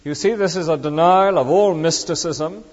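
A man's voice: a little high, normal speed, a little mellow. A man preaching a sermon with emphatic, rhetorical questions to the congregation. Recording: dull lo-fi recording with long reverb.

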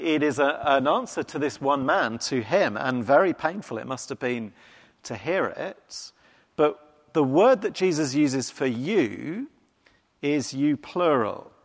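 A man preaching a sermon in a conversational, wry, emphatic way. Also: on the high side. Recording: long hall reverb.

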